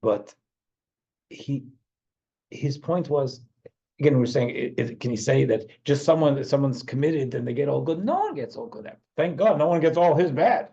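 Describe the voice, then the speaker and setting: A middle-aged man, a rabbi teaching an informal class, telling a heartfelt story in a halting way. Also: medium pitch, lively intonation, gravelly, mellow, slightly rough. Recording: dull lo-fi recording.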